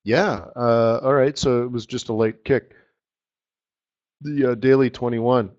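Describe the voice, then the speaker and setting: A man hosting a live trading webinar, walking viewers through charts in an excitable, slangy, chatty way. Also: mid-range voice, measured pace. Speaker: forex trading webinar host. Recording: slightly dull lo-fi audio.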